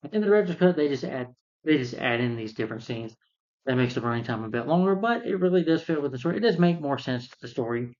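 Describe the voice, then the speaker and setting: A man talks through a film review in a loose, rambling way, circling back and repeating himself as he retells the plot. His voice sits at an ordinary middle pitch. The recording is dull and muffled, with a lo-fi sound. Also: a little mellow. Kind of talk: casual spoken film review.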